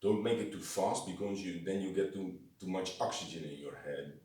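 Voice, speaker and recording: Man giving an echoey singing lesson. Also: darkish tone. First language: Dutch. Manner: halting, demonstrates low sung tones, frequent "eh?" tags. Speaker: vocal instructor. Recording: very echoey room, from a distance.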